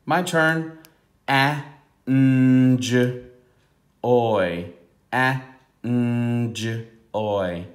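A male teacher leads a children's phonics lesson at a slow, deliberate pace. He sounds out each word piece by piece and then bursts out loudly on the finished word. His voice sits at an ordinary middle pitch. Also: reverberant.

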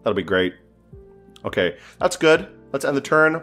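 A man's voice: mid-range voice, lively intonation, a little slow, long pauses, a bit bright, faint music behind. A man giving casual, joking commentary while playing a strategy game, thinking aloud and sounding exasperated. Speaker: gameplay streamer.

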